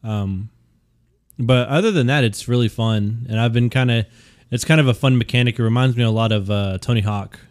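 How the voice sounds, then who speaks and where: A man's voice: mid-range voice, brisk, dry recording, studio quality. A young man co-hosting a gaming podcast, rambling and stumbling over his words with casual swearing. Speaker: podcast co-host.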